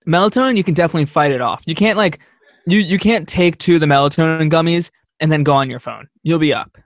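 A man's voice: a little high, fast, dry recording. A young man co-hosting a casual chat, laid-back and rambling, laughing often. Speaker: podcast co-host.

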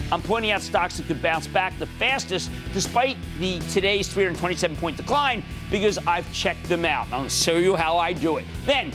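Excitable TV finance host with Philly twang. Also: male voice, high-pitched. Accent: Philadelphia-area American. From Pennsylvania. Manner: excitable, shouting bursts, emphatic. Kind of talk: energetic market commentary and call-in.

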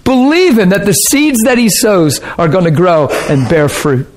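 A man's voice: sits high, very animated, moderate pace. A man preaching a sermon in an earnest, conversational way, often checking that his listeners follow.

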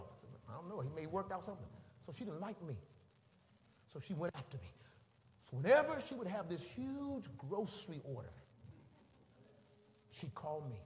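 A middle-aged man preaching, acting out a story with sound effects and voices for each person in it. His voice sits high and swings widely in pitch. The sermon carries through a reverberant hall with faint background ambience. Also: fairly quick, slight background noise. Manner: animated storytelling, voices the people in it, makes beeping sounds. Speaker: pastor.

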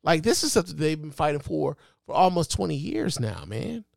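A man's voice: fairly high pitch, very animated, a little fast, creaky, dry recording. A man hosting his own podcast, giving impassioned, profane solo commentary with lots of repetition and emphasis into a close mic. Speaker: podcast host.

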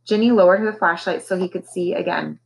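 A woman teacher reading a children's novel aloud with expressive storytelling. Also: on the low side, brisk, gravelly, poor audio.

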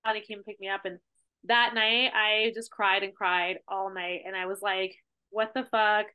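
A woman guest in a casual podcast chat, telling a story in an animated way with many fillers like "like". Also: medium pitch, moderate pace, smooth, muffled recording. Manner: animated storytelling, heavy use of "like".

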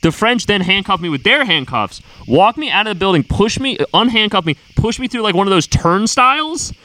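A man's voice: sits high, sing-song, brisk, bright, forceful tone, rough recording. A man telling a long, rambling anecdote in casual chat, laughing mid-sentence and repeating words. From United States.

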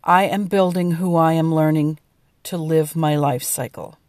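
A woman's voice: deep voice, fairly even intonation, measured pace, a little mellow, no echo, studio quality. A woman hosting her own podcast, speaking outdoors by a lake and giving an earnest, inspirational reflection. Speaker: podcast host. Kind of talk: spoken reflection.

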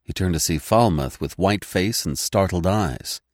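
A male narrator reading an old detective story, his low voice rising and falling with plenty of drama. The sound is dry and close, with no room around it. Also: measured pace, no room sound. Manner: animated, voicing each character in turn. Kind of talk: scripted audiobook narration.

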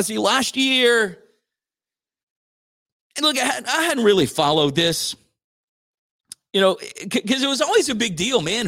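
A man's voice: sits high, sharp tone. A male radio host rambling through sports news in a slangy, casual chat. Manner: rambling, slangy, says dude a lot.

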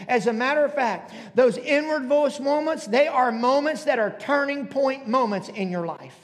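A man in his forties preaching a sermon to a congregation, emphatic and calling out to them. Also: very high-pitched. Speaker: pastor. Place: church auditorium. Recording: long hall reverb.

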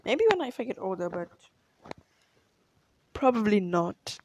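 A woman's voice: medium pitch, big pitch swings, a little slow, highs cut off, background noise. Rambling young woman vlogger. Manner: rambling, hesitant, self-correcting. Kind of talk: casual confessional Q&A chat.

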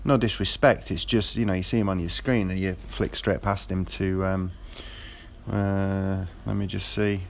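A man's voice: deep voice, steady tone, unhurried, gravelly, slight background noise. A man talking about his football team in a casual monologue, rambling with many fillers and restarts. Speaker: football fan.

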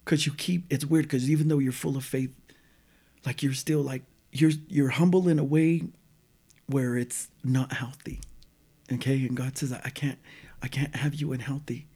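This guest's voice is mid-range and slightly rough, and he speaks at a moderate pace. Chatting casually, he relates his faith testimony vividly, quoting and acting out what people said and occasionally sinking to a near whisper.

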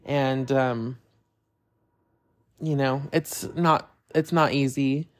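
A man's voice: mid-range voice, steady tone, very slow. A man hosting a solo podcast in a casual, candid chat who swears freely and talks openly about personal feelings. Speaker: podcast host.

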